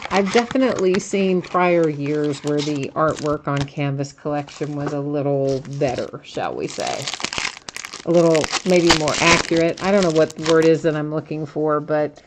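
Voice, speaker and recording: A woman with a low voice hosts a live trading-card break. She chats casually, laughs often and reads out viewers' comments as she opens packs. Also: lively intonation, moderate pace, noisy background. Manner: chatty, laughs often, reads chat aloud.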